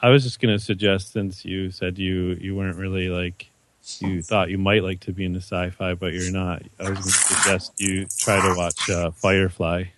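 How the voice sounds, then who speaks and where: A man co-hosting a podcast, talking in a relaxed, hesitant way with many fillers. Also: sits low, normal speed, slight background noise. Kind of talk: casual chat.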